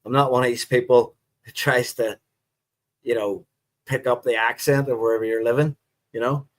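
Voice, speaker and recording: A middle-aged man with a Northern Irish accent chats on a live stream. He talks in a loose, rambling way, with plenty of fillers and friendly asides. His voice sits at an ordinary male pitch. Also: normal speed. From Northern Ireland. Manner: relaxed, rambling, chatty with viewers. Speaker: livestream host. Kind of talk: casual live-stream chat.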